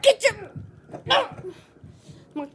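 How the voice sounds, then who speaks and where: A woman giving excited gameplay commentary, yelling loud reactions and trash talk at the game. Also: extremely slow, very noisy.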